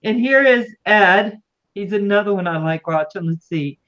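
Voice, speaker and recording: A woman's voice: mid-range voice, moderate pace, a bit bright, dull audio. A woman from Maryland with a slight Southern accent, hosting a casual livestream interview, teasing and giggling with her guest. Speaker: livestream host.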